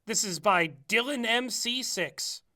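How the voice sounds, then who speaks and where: A man's voice: high-pitched, a little slow, pushed and bright. A man co-hosting a podcast in casual chat, laughing often as he reads aloud. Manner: giggly, laughs often while reading aloud. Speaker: podcast co-host.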